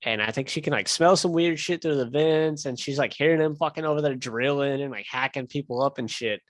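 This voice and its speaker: This young podcast host rambles through a long story in casual chat, swearing and packing it with fillers. He speaks briskly at medium pitch, and the recording is dry.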